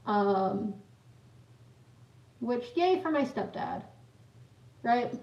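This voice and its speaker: A woman's voice: a little high, takes it slowly, gravelly, pauses often, darkish tone. A young woman livestreaming, telling a story in a rambling, giggly way and greeting viewers in chat. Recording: echoey room, mic at a distance, dull lo-fi sound.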